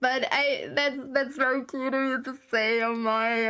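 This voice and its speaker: A woman's voice: high-pitched, steady tone, measured pace, bright, forceful tone, smooth, faint music behind. A young woman streamer rambling casually to her chat, giggling often and easily flustered. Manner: rambling, giggly and self-conscious. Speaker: game streamer. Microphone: desktop streaming mic, no camera.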